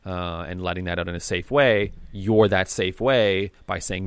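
A man with a low, gravelly voice co-hosts a casual podcast and talks things through in an earnest, reflective way, often pausing on fillers. His voice is recorded close and dry, with no room sound. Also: steady tone, dry recording. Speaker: podcast co-host.

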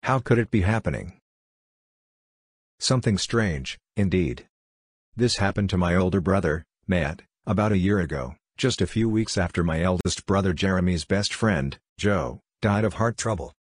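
A man reading a series of short ghost stories aloud in a steady, even storytelling delivery. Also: low-pitched, moderate pace, slightly rough, no room sound, studio quality. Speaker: narrator.

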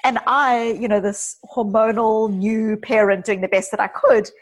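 A woman psychologist, a guest in an interview, talking earnestly and telling personal stories with quick asides. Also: on the high side, little pitch movement. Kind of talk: casual interview conversation.

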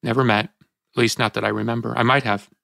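A man in his fifties speaks as a podcast host, reflective and halting. His voice is gravelly and recorded close and dry, and he often breaks off and restarts as emotion catches him. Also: mid-range voice, little pitch movement, fairly bright tone, no echo. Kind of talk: reflective conversational talk.

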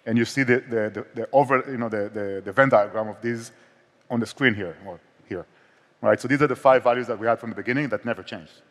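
Talking at a quick pace in a mid-range voice, an Israeli-accented startup co-founder and CEO is a guest on a conference stage. The large hall gives the recording a long reverb. He is candid and self-deprecating, with frequent restarts.

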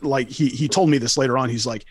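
A man's voice: medium pitch, fairly even intonation, fast talker, husky, dry recording. Young male host, casual story, swears a lot, very dry close sound. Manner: rambling, profane, lots of fillers and restarts.

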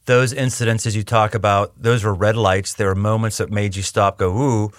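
A man's voice: fairly low pitch, flat delivery, a little fast, dry recording. Man interviewing in a dry close sound. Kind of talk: conversational interview.

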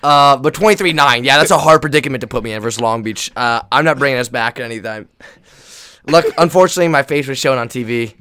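A young man, a volleyball player co-hosting a casual chat, telling animated stories with quoted voices and frequent laughter. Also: medium pitch, quick pace, clear, resonant tone. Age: young adult. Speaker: volleyball player and podcast co-host.

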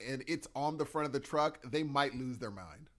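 A man co-hosting a podcast in casual chat, eager and excitable. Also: medium pitch, normal speed. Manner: enthusiastic, says dude a lot. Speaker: podcast co-host.

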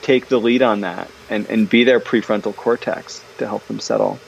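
A man guesting in a casual interview conversation, talking about his books in an animated, chatty way, full of fillers and restarts. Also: on the low side, moderate pace, vocal fry, slight background noise, rough recording. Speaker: guest, parenting author.

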